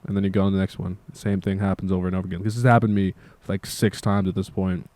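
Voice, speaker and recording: A man's voice: deep voice, little pitch movement, very fast, few pauses, dark tone, no room sound. A tired young man who makes music, talking in a meandering casual monologue and swearing freely. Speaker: musician vlogger.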